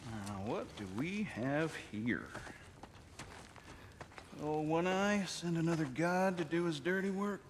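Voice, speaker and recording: Sardonic rebel god, mocking, slow measured delivery, faint background noise. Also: male voice, on the high side, lively intonation. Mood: menacing. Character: proud, wary male rebel god leader.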